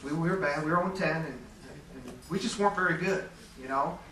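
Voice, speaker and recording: A man's voice: a little high, brisk, pushed and bright. A man around forty from Metro Detroit, telling candid, self-deprecating stories as a Hall of Fame inductee giving an acceptance speech. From Metro Detroit, Michigan. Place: large hall. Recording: echoey hall, distant mic, faint hum.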